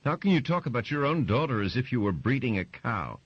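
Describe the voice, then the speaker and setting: A man voicing a shrill, bitter middle-aged mother who accuses everyone around her, in a dry, slightly muffled recording. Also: sing-song, a little fast, husky, no room sound. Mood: accusing.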